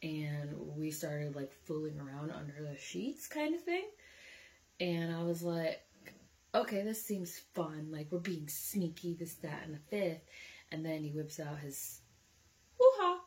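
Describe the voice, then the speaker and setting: A young woman with a slightly low voice tells a story in a loose, casual way. She is frank and chatty, and she swears often. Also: a little slow, darkish tone. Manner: candid and chatty, swears freely. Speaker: vlogger.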